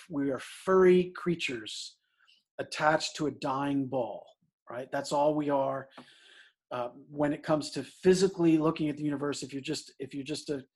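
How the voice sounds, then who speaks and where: A man's voice: on the high side, husky. A middle-aged man, a priest, preaching a conversational sermon, often checking in with "right?" and stressing scripture. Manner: conversational, frequent "right?" asides, emphatic on scripture.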